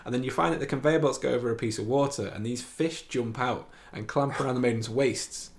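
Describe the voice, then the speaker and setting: A man's voice: medium pitch, a little fast. Rambling man chatting on a podcast. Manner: rambling, laughs often. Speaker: podcast co-host. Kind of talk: casual podcast chat.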